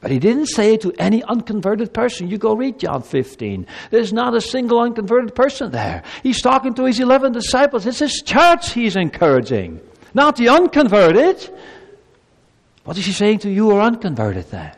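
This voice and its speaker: Impassioned high-pitched preacher in an echoing hall. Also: male voice, huge pitch swings, moderate pace, gravelly. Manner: impassioned, pleading, swings between loud emphasis and hushed solemnity. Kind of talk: evangelistic sermon.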